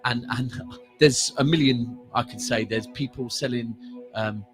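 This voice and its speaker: A man's voice: medium pitch, unhurried, a bit bright. Laid-back man with a southern English accent over music. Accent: English southern, Bedfordshire. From England. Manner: laid-back, conversational, stumbling restarts. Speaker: co-host of a music show. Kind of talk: casual chat. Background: music playing.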